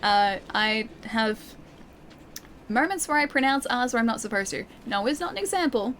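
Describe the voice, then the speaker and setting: A woman's voice: on the high side, expressive, normal speed, a bit bright, slight background noise. Chatty Australian woman streaming a game. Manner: chatty, laughs often, reads viewer comments aloud. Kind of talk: live gameplay stream, chatting with chat. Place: living room at home.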